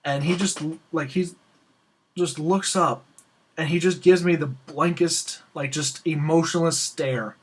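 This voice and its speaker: Young man, rambling excited storytelling, casual chat, slightly high voice. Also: unhurried, slightly rough. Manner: excitable, rambling, acts out quoted dialogue. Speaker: host of a Q&A show.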